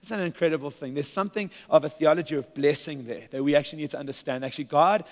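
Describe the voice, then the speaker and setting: A man's voice: on the high side, rapid-fire. A man preaching a sermon as pastor, earnest and at times playful with laughter. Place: church sanctuary. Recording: church hall with long reverb.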